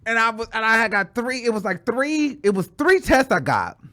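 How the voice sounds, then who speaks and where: A man hosting his own show, telling a story in a sassy, dramatic way and calling his listeners "girl", with sudden loud exclamations. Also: very high-pitched, very animated, normal speed. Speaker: show host. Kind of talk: casual storytelling chat.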